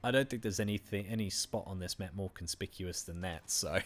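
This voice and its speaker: A man's voice: low voice, fairly quick, slight background noise. An Australian man from Western Australia, chatting casually with his viewers while streaming a game, laughing often and thanking people by name. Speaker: gaming streamer. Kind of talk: casual live-stream commentary.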